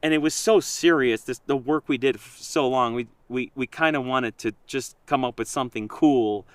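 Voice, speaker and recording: Guy chatting, animated storyteller, dry close sound, mid pitch. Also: normal speed, dry recording. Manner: animated storyteller, quotes himself and others. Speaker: project creator. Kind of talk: casual conversation.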